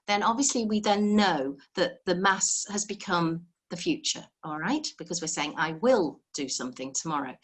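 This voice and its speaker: A woman's voice: mid-range voice, a bit bright, slightly rough. A woman teaching a live online language lesson, explaining patiently step by step and encouraging her students over a video call.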